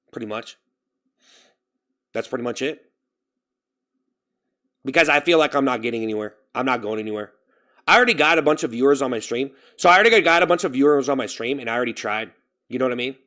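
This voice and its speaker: A man talks casually to his live-stream viewers at an ordinary pitch. He rambles, repeats the same phrases and lets self-pity run through his venting. It sounds like a home streaming setup. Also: fairly bright tone.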